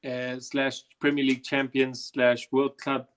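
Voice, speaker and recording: Chatty South African quiz host. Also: male voice, medium pitch, unhurried, smooth. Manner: chatty, animated anecdote-telling. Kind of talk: casual quiz hosting and storytelling. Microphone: video call.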